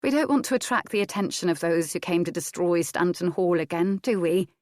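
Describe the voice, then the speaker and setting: A woman's voice: lowish voice, expressive, brisk, darkish tone, no room sound, close to an everyday voice. A woman reading the part of a proud, composed young noblewoman in an audiobook. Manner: dry, composed.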